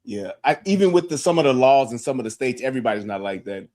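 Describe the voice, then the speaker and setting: Teasing man with a lively higher voice. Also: quick pace. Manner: teasing, laughing between lines. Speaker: podcast panelist. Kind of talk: casual chat.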